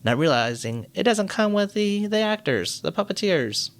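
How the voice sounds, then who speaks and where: A man co-hosting a laid-back podcast, talking through old cartoon episodes with a lively, swooping pitch. He jumps into high voices to act out the characters and swears freely as he chats. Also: normal speed. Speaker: podcast co-host. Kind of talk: casual chat recapping cartoons over drinks.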